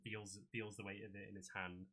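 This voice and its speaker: Male game master, low and bright, loose descriptive narration with ums. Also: flat delivery, brisk.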